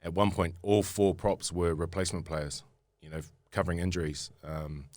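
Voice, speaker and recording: A rugby player appears as a guest on a podcast, telling stories in a New Zealand accent and rambling with plenty of fillers and restarts. His low voice is flat and a little mellow, at a normal speed, in a dry recording.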